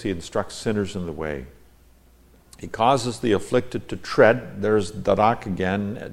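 A man teaching a verse-by-verse Bible lesson, reading scripture aloud and pausing to explain the Hebrew words. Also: on the low side, vocal fry.

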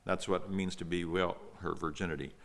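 A man's voice: sits low, fairly even intonation, fairly quick, gravelly, fairly bright tone. A man reading scripture aloud and then explaining it verse by verse in an earnest, teaching manner. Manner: earnest, explanatory, with fillers and restarts. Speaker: Bible teacher.

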